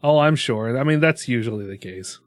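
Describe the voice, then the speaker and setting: A man's voice: mid-range voice, lively intonation, brisk, no echo, studio quality. Laid-back swearing man on a podcast. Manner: laid-back, swears often, laughs easily. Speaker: podcast co-host. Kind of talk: casual chat.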